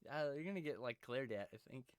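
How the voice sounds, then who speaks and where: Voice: medium pitch, lively intonation, fast talker, clear, resonant tone, dry recording, studio quality. A rambling, profane co-host in casual chat on a live stream. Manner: rambling, profane, restarts often. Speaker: podcast co-host.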